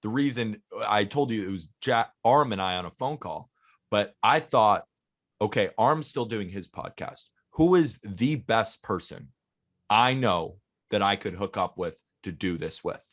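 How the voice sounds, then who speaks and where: A man's voice: lowish voice, animated, measured pace, fairly bright tone. A man in his twenties co-hosting a casual podcast, earnest and eager, talking in long runs. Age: 20s. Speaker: podcast co-host.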